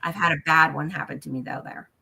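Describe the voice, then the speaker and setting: A woman telling a personal dream story in a casual chat, halting and emotional, dropping softer at times. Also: sits low, fairly even intonation, gravelly, breathy edge.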